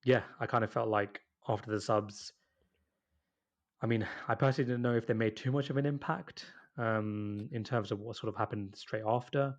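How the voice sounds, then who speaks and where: A man's voice: fairly low pitch, steady tone, normal speed, lo-fi sound. A young man co-hosting a football podcast, speaking hesitantly with many you-knows and restarts. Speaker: podcast co-host. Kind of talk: casual football chat.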